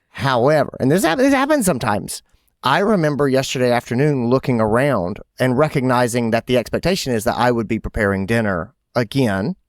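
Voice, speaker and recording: A man's voice: mid-range voice, no room sound, studio quality. A middle-aged man co-hosting a podcast in casual chat, telling a story and acting out his own quotes with energy. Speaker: podcast co-host.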